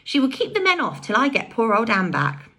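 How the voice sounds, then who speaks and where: A woman's voice: a little high, wildly swooping pitch, brisk, bright, forceful tone, pitched above the performer's own voice, heavily acted. A woman reading aloud and voicing a sensible, protective older boy who speaks approvingly. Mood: admiring.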